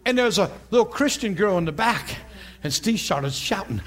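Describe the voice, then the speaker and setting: Male preacher, folksy sermon, very lively swooping high voice, laughs a lot. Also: moderate pace. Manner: animated, laughing often, folksy.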